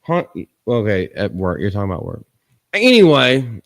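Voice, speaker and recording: Man, 30s, live stream host, casual chat, teasing, quick banter. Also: mid-range voice, big pitch swings.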